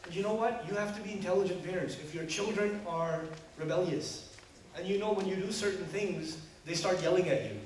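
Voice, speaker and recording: A man with a fairly high voice gives a lively sermon, firing rhetorical questions and humorous asides at the crowd. He sounds distant from the mic, with heavy room echo and faint background noise. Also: a little fast. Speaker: preacher. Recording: echoey hall from far off.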